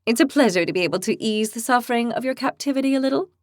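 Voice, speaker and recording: A woman's voice: a little high, racing, no room sound, clean studio sound, voice pushed up, lightly acted. A woman voicing a hot-tempered young horned woman who speaks bluntly and sarcastically. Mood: brisk.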